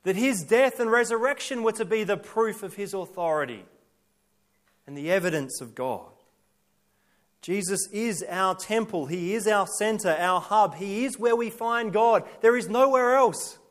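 A man's voice: sits high, animated, measured pace, fairly bright tone. A male pastor preaching a sermon, emphatic, building his points through repeated lists and rhetorical questions.

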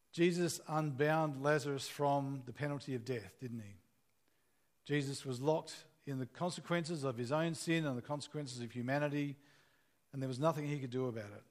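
A man's voice: medium pitch, normal speed, darkish tone. A man preaching a sermon in an earnest, conversational way, asking the listeners questions as he retells a scripture story.

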